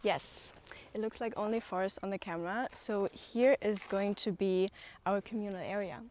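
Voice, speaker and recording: A woman's voice: mid-range voice, fairly even intonation, moderate pace, a little mellow. Woman, eager tour guide, lots of ums, recorded outside with light background hiss. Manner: enthusiastic, with many fillers. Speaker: co-founder giving a land tour. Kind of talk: walking tour chat. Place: outdoors on hillside land.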